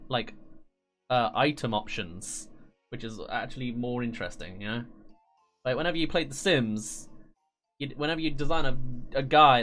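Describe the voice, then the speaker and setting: A man's voice: mid-range voice, a bit bright. A British man streaming a game, chatting playfully and thinking aloud while reading chat. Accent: British English. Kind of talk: casual let's-play commentary.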